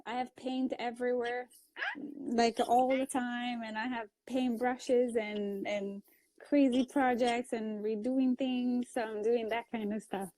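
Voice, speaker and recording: A woman's voice: on the high side, fairly even intonation, a little slow, warm tone, poor audio. A woman from Italy with an Italian accent, chatting casually on a phone live stream and laughing often. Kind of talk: casual chat.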